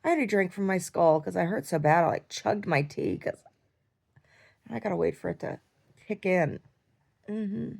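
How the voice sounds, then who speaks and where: A woman with chronic pain describes a dream in a casual video diary, her fairly low voice creaky, breathy-edged and darkish. She is animated, speaks at normal speed with long pauses, rambles through fillers and restarts, and raises her voice to act out quotes.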